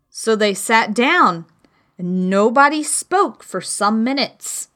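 A woman reading a children's classic aloud as the narrator, slow and clear. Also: a little high, expressive, fairly bright tone. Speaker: audiobook reader. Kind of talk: storybook narration.

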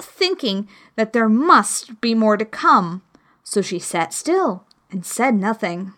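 A woman reading a children's classic aloud as the narrator, slow and clear. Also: on the high side, lively intonation, a bit bright. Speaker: audiobook reader. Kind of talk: storybook narration.

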